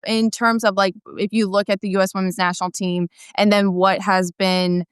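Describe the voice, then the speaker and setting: A woman's voice: medium pitch, level tone, normal speed, smooth, dry recording, clean studio sound. A woman in her thirties guesting on a chat show, casual and enthusiastic, cursing freely and full of slang. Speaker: guest soccer correspondent.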